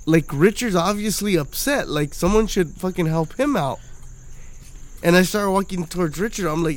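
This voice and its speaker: A man's voice: high voice, normal speed. A drunk man telling a rambling, profane story in casual podcast chat, acting out what people said. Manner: profane, rambling, acts out quoted dialogue.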